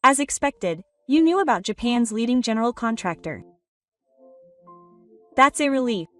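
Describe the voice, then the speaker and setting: A pompous older company boss speaks in a patronizing way, read by a woman narrator. The voice stays a little high and set back, with soft music underneath. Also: animated, normal speed, recorded from a distance. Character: arrogant older father-in-law, company boss.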